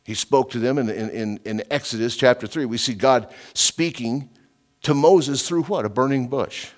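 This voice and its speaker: A man's voice: medium pitch, normal speed. A middle-aged man preaching an informal verse-by-verse sermon, emphatic and chatty, often slipping in "you know" and stepping off his notes. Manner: conversational, emphatic, digressive, with frequent "you know". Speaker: preacher and radio Bible teacher.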